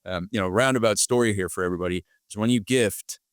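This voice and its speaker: A man hosting a podcast, chatting in a relaxed, casual way. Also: fairly low pitch, quick pace, smooth, no echo, studio quality. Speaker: podcast host. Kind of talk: casual interview chat.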